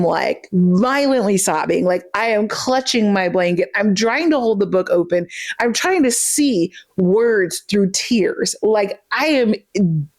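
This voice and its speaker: A woman hosting a casual book review vlog, gushing and emotional, full of fillers and direct "okay?" asides to her viewers. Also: mid-range voice. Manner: speeds up in rushes, then slows right down for emphasis.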